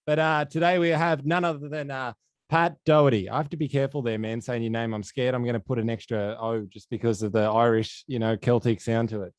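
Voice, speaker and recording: A man hosting a podcast, upbeat and quick to laugh. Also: mid-range voice, steady tone, dry recording, studio quality. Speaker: podcast host. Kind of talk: casual chat.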